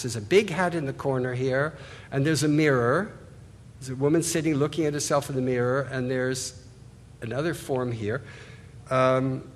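Man lecturing in a reverberant hall. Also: mid-range voice. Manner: discursive, restarts phrases, points at slides. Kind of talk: art history lecture.

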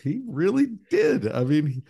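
A man hosting a podcast in casual chat, rambling through profane shout-outs. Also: a little high, huge pitch swings, moderate pace, creaky, husky, no room sound. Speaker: podcast host.

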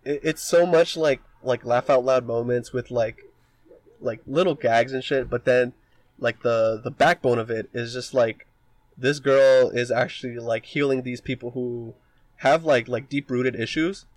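A man's voice: medium pitch, fairly even intonation, measured pace, dry recording. A man co-hosting a podcast, rambling through a story retelling with lots of filler words and casual swearing. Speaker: podcast co-host.

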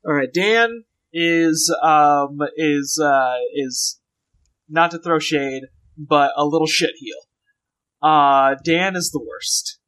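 A man's voice: on the high side, slow, fairly bright tone. A man co-hosting a podcast, rambling and joking through a casual comedic recap with many fillers. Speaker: podcast co-host.

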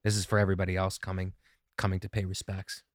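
A man in his forties with a fairly low voice speaks earnestly and reflectively, often repeating himself as he works through a thought. The recording is close and dry. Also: completely flat delivery, quick pace, no echo. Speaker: podcast guest, comedian. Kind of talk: casual conversation.

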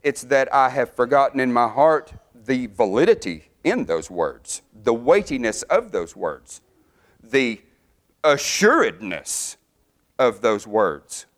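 A middle-aged man preaching a sermon, fervent, his voice climbing higher and louder as he builds. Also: very animated, takes it slowly.

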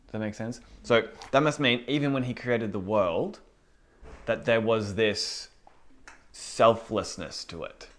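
A man's voice: on the low side, unhurried. A man teaching a Bible lesson in a casual, conversational way, asking the room rhetorical questions. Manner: informal, rhetorical questions, acts out inner voices. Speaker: preacher.

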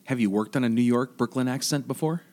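A man's voice: mid-range voice, fast talker, darkish tone. A man hosting an interview, asking short, curious questions. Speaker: host. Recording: music playing underneath.

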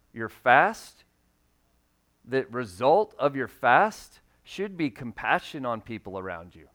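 A man delivering a sermon from the pulpit in a relaxed, conversational manner. His voice sits at a middle pitch, and he reads scripture aloud and sometimes acts out the people he quotes. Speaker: pastor.

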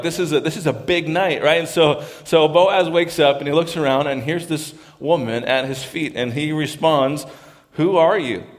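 Man preaching a conversational sermon in a reverberant hall. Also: medium pitch. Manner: conversational, tries out voices when reading lines aloud. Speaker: pastor. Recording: long reverb of a large hall.

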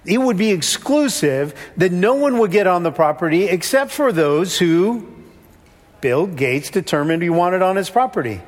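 High-voiced man preaching in a reverberant hall. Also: sing-song, moderate pace. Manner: conversational, acts out quoted voices. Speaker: pastor. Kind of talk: sermon.

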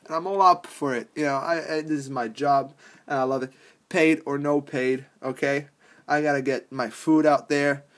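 A man's voice: fairly high pitch, fairly even intonation, normal speed. Rambling, profane young man hosting a podcast. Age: young adult. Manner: rambling and profane, laughing often. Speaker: podcast host. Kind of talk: casual rambling monologue.

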